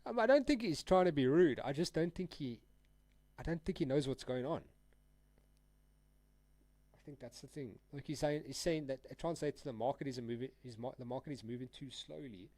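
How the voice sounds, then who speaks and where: Chatting on his trading livestream, a young man from South Africa speaks a little fast in a mid-range voice that's a little mellow. His manner is laid-back and rambling, full of slang and frequent laughter. There's no echo.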